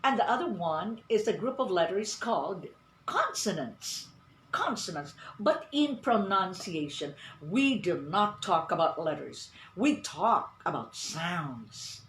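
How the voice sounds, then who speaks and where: A woman giving an online pronunciation lesson, speaking deliberately, repeating words and asking the class questions. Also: medium pitch, very animated, slight background noise. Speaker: English teacher. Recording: roomy echo.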